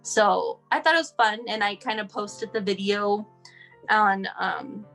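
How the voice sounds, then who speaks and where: A woman's voice: mid-range voice, unhurried, gravelly, a bit bright, soft background music. A woman sharing her son's story as a guest, talking casually and running on with "like" and "you know".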